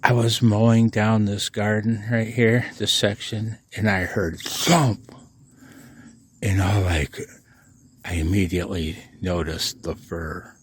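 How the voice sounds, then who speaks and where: Slow, low-voiced man chatting late at night. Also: fairly even intonation, slightly rough. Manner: chuckling, rambling storyteller. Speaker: amateur radio vlogger. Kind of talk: casual chat to camera.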